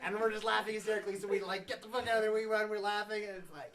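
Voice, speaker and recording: A man's voice: high voice, fairly even intonation, racing, few pauses, a bit bright. A young man telling funny stories in a casual chat with friends, laughing often and swearing freely. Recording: distant from the mic.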